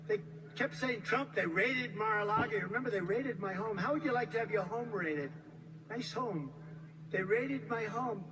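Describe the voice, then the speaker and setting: A man's voice: high voice, a bit bright, slight background noise, rough recording. An American man in his seventies giving a rambling, repetitive, emphatic campaign rally speech from a podium. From United States. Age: 70s. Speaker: politician.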